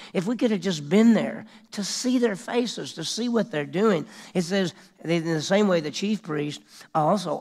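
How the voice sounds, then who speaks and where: A middle-aged male pastor preaching an expository sermon, raising his voice to act out the mocking crowd. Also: fairly high pitch. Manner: expository preaching, acts out mockers with raised voice.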